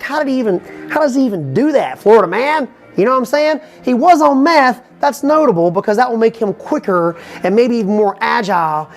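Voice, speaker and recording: A man telling a rambling comic story, animated and full of asides. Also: high-pitched. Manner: fast, animated, repeats "you know what I'm saying". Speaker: comedian.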